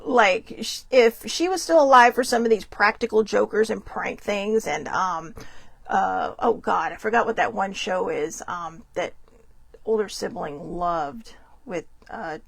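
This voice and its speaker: A woman's voice: mid-range voice, a little slow, creaky, fairly bright tone, dry recording. A woman hosting her own livestream, telling a story in a rambling, chatty way and laughing often. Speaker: host.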